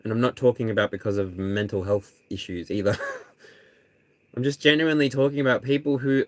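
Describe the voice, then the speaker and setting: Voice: medium pitch, a little fast, no echo. An energy reader chatting candidly on a live stream, earnest and rambling, with restarts and ums along the way. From Australia. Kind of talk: casual live stream chat.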